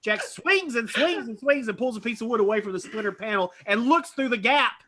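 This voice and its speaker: A man reading stage directions aloud at a live script reading, animated and tossing in asides. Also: very high-pitched, brisk. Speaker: script reader.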